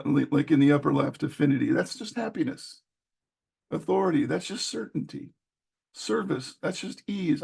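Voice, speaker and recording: Male guest speaker, higher-pitched, gravel-heavy husky voice, emphatic presenter on a video call. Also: darkish tone. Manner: emphatic, repeats words when restarting. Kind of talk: business presentation.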